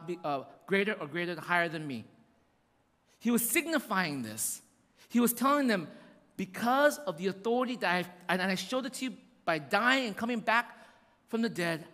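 A man's voice: high-pitched, a bit bright. A man preaching a sermon to a congregation, driving points home with repeated refrains and chatty asides. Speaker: pastor. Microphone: microphone. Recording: echoey hall reverb.

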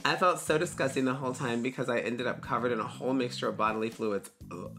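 A woman guest on a podcast, reading a listener's letter aloud and breaking off into loud squeals and asides. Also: very deep voice, fast, vocal fry, faint music behind.

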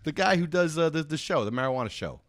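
A man hosting a casual podcast from a private house, excitable and rambling, quick to get fired up. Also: fairly high pitch, no echo, studio quality. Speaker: podcast host.

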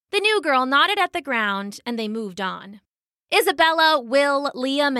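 A woman reads a children's story aloud in a bright, clear voice that moves up and down with lots of life. Her delivery is expressive and storyteller-like, and the recording is close and dry. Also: on the high side, no echo. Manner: warm, expressive read-aloud.

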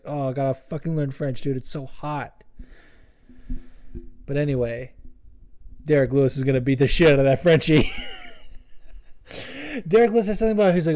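A man's voice: medium pitch, moderate pace, long pauses, a little mellow. A young man hosting a podcast, chatting in a rambling, profane, joking way. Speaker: podcast host. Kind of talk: casual podcast chat.

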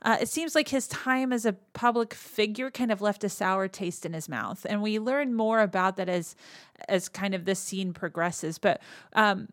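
A woman hosting a podcast, casually retelling a movie's plot, laughing often and slipping into quick quoted lines. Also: mid-range voice, dry recording, clean studio sound. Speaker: podcast host.

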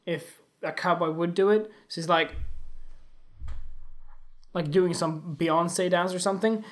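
A man hosting a podcast, telling funny everyday stories in a loose, animated and crude way, often laughing at himself. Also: high voice, unhurried. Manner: animated, giggly, crude, self-mocking. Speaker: podcast host. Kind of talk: casual comic storytelling.

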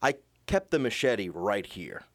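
Young man, low-pitched, dry sound, swearing storyteller who acts out quotes. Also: sing-song, measured pace, no room sound. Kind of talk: casual chat.

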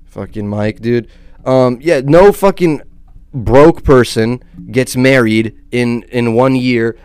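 A man's voice: mid-range voice, a little mellow, clear, resonant tone, no echo, clean studio sound. A man hosting his own small online channel, rambling through casual, profane commentary full of restarts and "dude.".

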